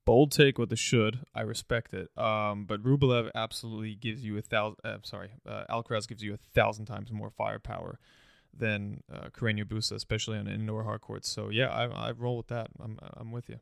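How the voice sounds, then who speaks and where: A man co-hosts a casual sports podcast, his voice gravelly with audible fry. The sound is dry and close, with no room around it. He talks in a relaxed, teasing way, hesitating with "um" as he goes. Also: on the low side, a little fast, no echo. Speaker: podcast co-host.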